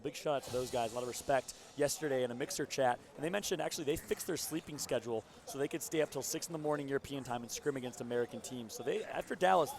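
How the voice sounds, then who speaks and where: A man commentating a live esports match, his voice worn hoarse from cheering with the crowd, talking through plays with excited analysis. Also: mid-range voice. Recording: loud crowd behind the voice.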